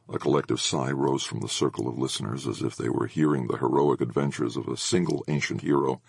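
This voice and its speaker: A man narrating an audiobook with expressive storytelling. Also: very deep voice, a little fast, creaky, hardly any pauses, slightly rough, no echo, studio quality.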